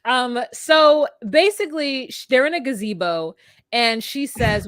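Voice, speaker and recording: A woman's voice: fairly high pitch, measured pace, dry recording, studio quality. Blunt, bawdy woman recapping a show. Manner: blunt, bawdy, animated retelling. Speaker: podcast co-host. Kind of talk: casual recap chat. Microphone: video call.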